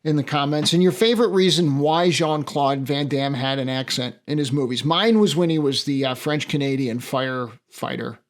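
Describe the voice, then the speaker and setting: A man's voice: on the high side, normal speed, hardly any pauses. A man co-hosting a podcast in casual chat, joking and laughing often as he tells anecdotes. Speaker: podcast co-host.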